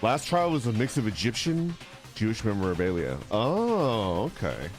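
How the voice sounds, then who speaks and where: Goofy male streamer, lively voice. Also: lowish voice, normal speed. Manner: goofy, laughing, jumps between silly voices and reading. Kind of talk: casual game stream commentary and reading dialogue aloud. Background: game music.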